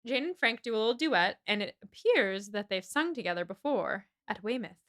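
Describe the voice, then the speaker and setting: Bright, animated young woman. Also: fairly high pitch. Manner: animated retelling, acting out characters in quick voices. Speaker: podcast co-host. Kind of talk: casual book-club chat.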